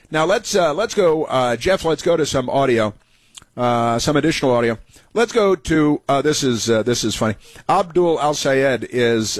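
A male talk radio host riffing through political commentary, sarcastic and mocking, stumbling over filler words as he goes. His voice sits at a middle pitch. It is recorded dry and close, with no room sound. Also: dry recording.

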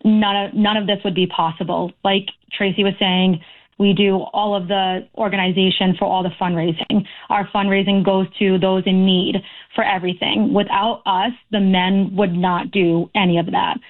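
A woman's voice: mid-range voice, level tone, normal speed. Woman, radio caller, earnest, aggrieved, tinny phone line. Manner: earnest, aggrieved, talks in long runs. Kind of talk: call-in talk radio. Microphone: telephone.

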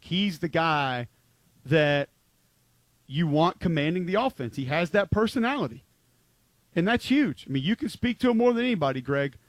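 On a football talk show he co-hosts, a man with a voice on the high side talks sports casually and emphatically. He rambles, filling his speech with "like." There's no echo in the recording.

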